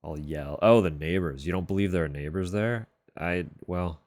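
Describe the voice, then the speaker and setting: A man streamer chatting casually from a room at home, keeping his voice level and low and swearing offhandedly. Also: moderate pace, a little mellow, no room sound. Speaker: livestreamer. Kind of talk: casual chat on a live stream. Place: room at home sharing a wall with a neighbor's bedroom.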